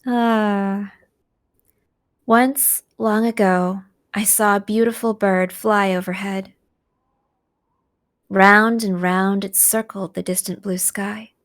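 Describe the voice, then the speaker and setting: A woman narrating a visual novel aloud in a slow, soft storytelling manner. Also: medium pitch, steady tone.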